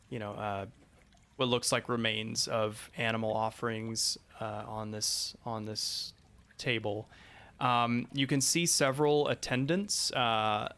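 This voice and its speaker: Male game master, slow pace, bright tone, halting narration, home mic. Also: medium pitch, clean tone. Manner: hesitant, many fillers, relaxed narration.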